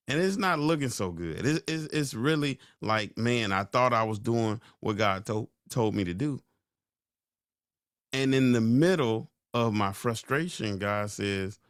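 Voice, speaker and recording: A man hosting a podcast, giving a sermon-like motivational talk, slowing down and repeating key lines for emphasis. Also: lowish voice, a bit bright, dry recording, clean studio sound. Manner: slow, drawn-out emphasis. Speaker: podcast host.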